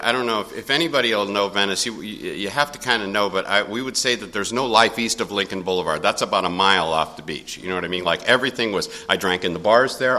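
Man, older, personal storytelling, casual, chuckling, animated, bright tone. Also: on the low side.

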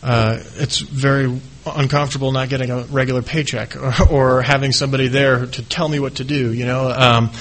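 Earnest, halting man with a bright voice. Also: medium pitch, little pitch movement, low-quality recording. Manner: earnest and halting, with many restarts. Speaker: speaker sharing his recovery story. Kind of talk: personal testimony speech.

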